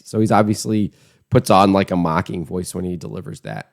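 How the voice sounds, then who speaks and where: A man's voice: sits low, very animated, brisk, creaky. A man hosting an online political commentary show, talking in a scornful, emphatic, conversational way.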